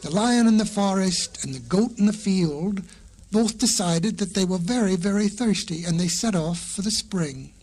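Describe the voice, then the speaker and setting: Storybook narrator, man, high husky voice, slow and folksy, talks to kids. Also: darkish tone. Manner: folksy, addresses children. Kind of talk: storybook record narration for children.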